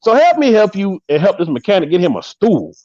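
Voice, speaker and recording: A man in his thirties hosting a live podcast, riffing with animated, joking commentary and drawn-out exclamations. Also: high-pitched, no room sound, highs cut off. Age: 30s. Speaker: podcast host.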